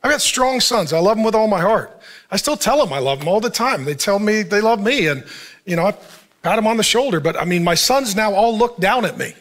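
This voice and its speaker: High-voiced man preaching conversationally. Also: lively intonation, a little fast, fairly bright tone. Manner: conversational preaching, asks the audience questions, acts out quoted dialogue. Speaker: pastor. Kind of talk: sermon.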